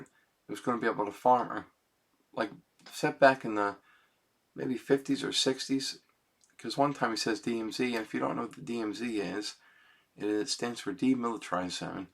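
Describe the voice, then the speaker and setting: A man talking casually into his computer's webcam mic, rambling and self-conscious and often adding "man" and "you know", then quietly reciting his own song lyrics. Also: medium pitch, brisk, vocal fry. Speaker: amateur songwriter.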